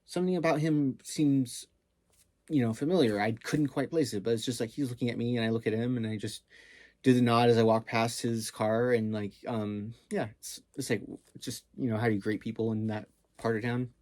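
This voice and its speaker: A man's voice: mid-range voice, level tone, brisk, a little mellow, dry recording. A man casually telling a story, rambling with many fillers and some swearing.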